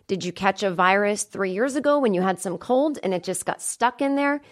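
Speaking at a moderate pace with a medium pitch, this thirtysomething woman hosts a studio comedy podcast. She chats casually and animates her stories by performing the voices of the people in them.

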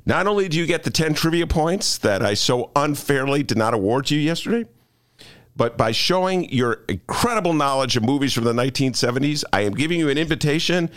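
A man's voice: on the high side, animated, a little fast, a bit bright. A man hosting a radio talk show in a studio, joking and mocking himself. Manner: joking, self-mocking, playful.

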